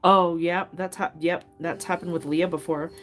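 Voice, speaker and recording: Low-voiced chatty woman on a livestream. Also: fairly even intonation, normal speed. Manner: chatty, laughs often, loose storytelling with many fillers. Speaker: craft livestream host. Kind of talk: casual chat with live viewers. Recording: faint music behind.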